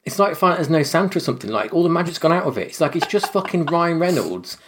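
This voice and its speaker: A man's voice: a little high, sing-song, quick pace, fairly bright tone. A man co-hosting a casual film podcast, blunt and swearing often as he airs his complaints. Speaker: podcast co-host.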